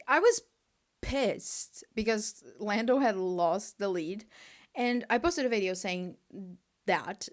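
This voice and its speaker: A young woman vlogger chatting casually, an exasperated fan full of "like" and quick asides. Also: mid-range voice. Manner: animated, exasperated fan ranting with lots of "like". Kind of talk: casual chat.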